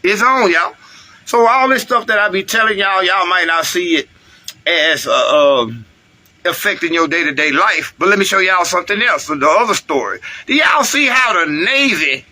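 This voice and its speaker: High, tense American man ranting. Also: expressive, moderate pace, sharp tone. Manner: heated, profane, addresses viewers directly. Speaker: political commentator. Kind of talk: ranting livestream commentary.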